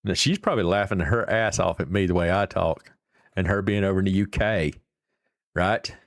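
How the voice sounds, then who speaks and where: A man's voice: low-pitched, moderate pace, dry recording, clean studio sound. A man with an Appalachian accent hosting a live stream and chatting casually with viewers in a folksy, rambling, salty way. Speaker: livestream host.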